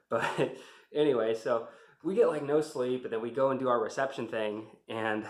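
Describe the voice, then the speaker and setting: A man telling an army story in a casual, rambling way, swearing often and getting heated, in a roomy-sounding space. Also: medium pitch. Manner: profane, rambling, gets heated. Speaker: army veteran vlogger. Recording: roomy echo.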